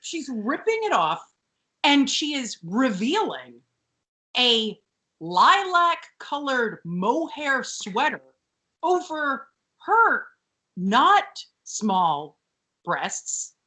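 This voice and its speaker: Woman podcast co-host, casual chat, higher voice, swoops around a lot, animated storyteller. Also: drawn-out words. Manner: animated storytelling, acts out quotes in other voices.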